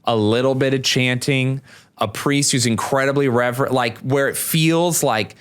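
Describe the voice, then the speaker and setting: A man, a stand-up comic, talking in a casual podcast conversation, animated and leaping up in pitch when he mimics people. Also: moderate pace, clear, resonant tone.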